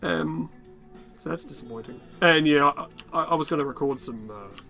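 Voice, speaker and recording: Guy with a worn raspy voice rambling and cursing over a game, kinda high, soft music under it. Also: moderate pace. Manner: rambling, swears often, mutters to himself. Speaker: gaming channel host. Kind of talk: casual gameplay commentary.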